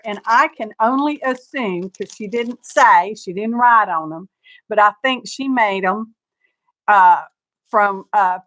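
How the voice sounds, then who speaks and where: A woman's voice: fairly high pitch, a bit bright. An older woman, chatty and gushing, hosting a live craft show-and-tell from her studio. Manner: chatty and gushing, greets viewers by name, frequent laughs. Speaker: craft channel host.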